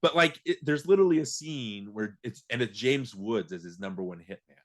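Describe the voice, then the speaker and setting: A man's voice: mid-range voice, expressive, fairly quick. A man hosting a podcast, talking casually and laughing as he acts out movie lines. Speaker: podcast host.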